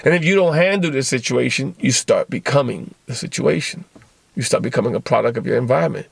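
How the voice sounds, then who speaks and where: A man hosting a podcast, giving a blunt, profane motivational monologue and acting out quick bits of dialogue. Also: medium pitch, creaky, slightly rough, no room sound. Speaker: podcast host.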